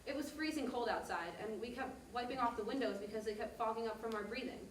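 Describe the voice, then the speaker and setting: A woman's voice: a little high, fast talker, slight background noise, lightly acted. An actor on stage playing a mother who tells her daughter a detailed family story. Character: mother recalling a family trip, warm and detailed. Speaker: narrator. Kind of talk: stage monologue. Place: theater stage. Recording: echoey stage heard from a distance.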